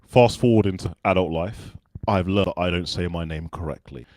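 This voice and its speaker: A man with a very low voice and a polished, non-regional Southern English accent talks as a podcast guest. He tells stories in an easy, unhurried way and acts out the other people's lines. The sound is dry and close. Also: a little mellow, no echo. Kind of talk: casual interview chat.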